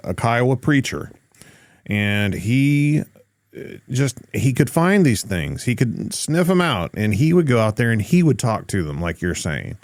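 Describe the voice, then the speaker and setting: A man from Oklahoma hosting a podcast interview, relaxed and thoughtful, with frequent "uh"s. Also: lowish voice, no echo, studio quality. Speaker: podcast host. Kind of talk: casual interview chat.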